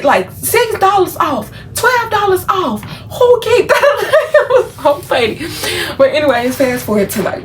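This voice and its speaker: A woman's voice: a little high, far from the mic, a little hiss or hum, rough recording. A woman from Memphis telling a casual storytime to her viewers, chatty and full of fillers. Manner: chatty, talks straight to viewers, many fillers. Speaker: vlogger.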